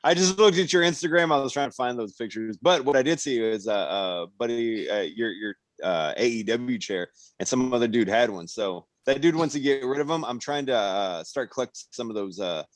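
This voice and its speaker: A man in casual podcast chat, talking haltingly with many fillers. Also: mid-range voice, lively intonation, dry recording.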